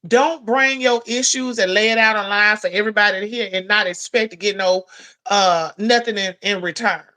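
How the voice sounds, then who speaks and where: Blunt, bright-voiced woman ranting. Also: medium pitch, moderate pace. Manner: blunt, profane, scolding. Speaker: commentary vlogger. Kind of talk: heated commentary rant.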